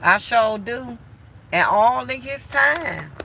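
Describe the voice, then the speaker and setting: A woman's voice: fairly high pitch, expressive, takes it slowly, very noisy. A woman vlogger chatting bluntly and candidly to her viewers from home while doing chores. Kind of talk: casual chat to viewers.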